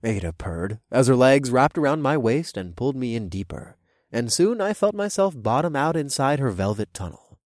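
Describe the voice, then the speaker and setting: A man reading a first-person story aloud, his voice rising and falling in lively swings around a middle pitch. The recording is dry and close, with no room sound. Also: moderate pace, no echo. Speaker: narrator. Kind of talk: first-person scripted narration.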